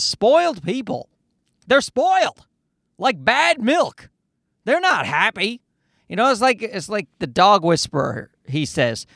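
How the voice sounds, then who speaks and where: A man in his thirties rambles and jokes through a casual solo monologue, recorded from the back seat of a parked car. His voice sits high and leaps all over the place. The sound is close and dry, with no room around it. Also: no echo. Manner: joking, rambling, animated. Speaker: podcast host.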